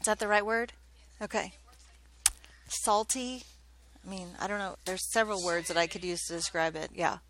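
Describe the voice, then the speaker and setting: A woman's voice: mid-range voice, fairly even intonation, normal speed, background noise. A woman math teacher giving a classroom lesson, chatty and joking, often checking in with questions.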